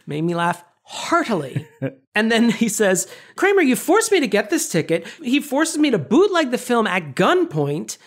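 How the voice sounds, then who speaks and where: Podcast co-host, casual chat, lively retelling, mid pitch. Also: unhurried. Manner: animated storytelling, acting out quoted lines; casual swearing.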